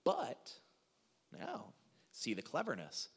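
A middle-aged man preaching a sermon as a pastor, telling stories in an animated way with frequent restarts. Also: mid-range voice, slow, breathy edge. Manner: animated storytelling with repeated restarts. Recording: long reverb of a large hall.

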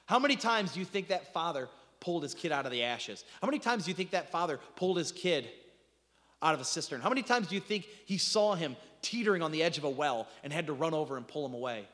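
Pastor, male, high and animated delivery with stammered restarts, in a reverberant church. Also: quick pace. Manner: impassioned preaching with repeated restarts and dramatic drops to near-whispers. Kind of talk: sermon.

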